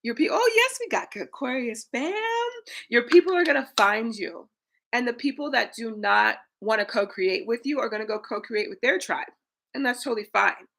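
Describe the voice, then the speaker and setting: A woman in her thirties, a spiritual coach giving an energetic, preachy livestream talk to her viewers, swearing casually. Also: a little high, moderate pace, vocal fry.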